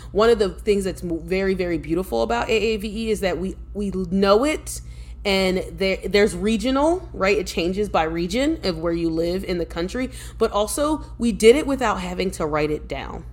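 Woman chatting on a podcast, animated storyteller, laughs a lot, mid-pitched. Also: fairly quick. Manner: lively storyteller, laughs often, restarts sentences. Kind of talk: casual podcast conversation.

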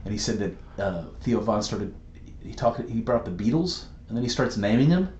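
Man, podcast co-host, rambling animated storyteller; roomy, slightly muffled recording. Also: on the low side, moderate pace. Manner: rambling, animated storyteller who laughs easily. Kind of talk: casual podcast chat.

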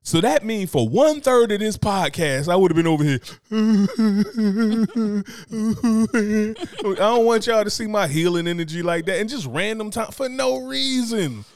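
A man co-hosting a podcast in casual comedic chat, animated and laughing often. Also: sits high, a little fast, hardly any pauses. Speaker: podcast co-host.

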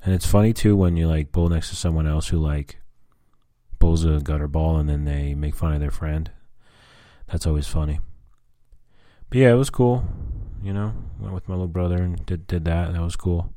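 A deep-voiced man rambles through a casual personal vlog, dropping fillers and curse words as he catches up with his viewers. His tone is dark and mellow, and the recording is dry and close. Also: normal speed, dry recording. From US Southwest. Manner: rambling, frequent fillers and cursing. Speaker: vlogger.

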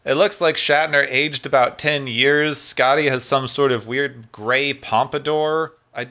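A man's voice: mid-range voice, fairly even intonation, a little slow, bright, forceful tone. A man co-hosting a casual recap chat, summarizing plot in a wry, sarcastic way. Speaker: podcast co-host.

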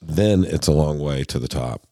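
A man's voice: extremely low pitch, normal speed, dark tone, no room sound. A man co-hosting a podcast in casual chat, dry and teasing as he talks through album picks. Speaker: podcast co-host.

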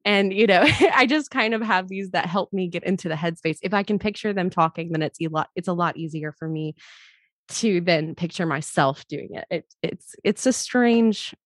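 A woman's voice: fairly low pitch, moderate pace, fairly bright tone, no room sound, studio quality. A woman guest on a podcast, an actress, chatting casually and often laughing as she explains. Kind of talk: casual interview chat.

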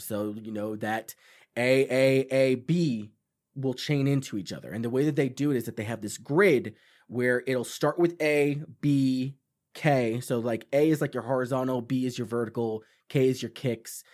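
Animated swearing New guy. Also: medium pitch. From Long Island, New York. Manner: animated, swearing, acts out quotes. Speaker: podcast co-host. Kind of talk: casual chat.

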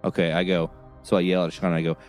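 A man playing in a tabletop game, talking in halting, restarting phrases. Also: sits low, flat delivery, darkish tone, faint music behind. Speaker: player. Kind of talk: casual tabletop play.

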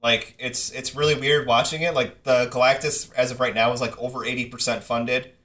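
A man's voice: mid-range voice, level tone, a little fast, sharp tone. A man hosting a casual podcast, wry and self-mocking as he chats. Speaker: podcast host. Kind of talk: casual chat.

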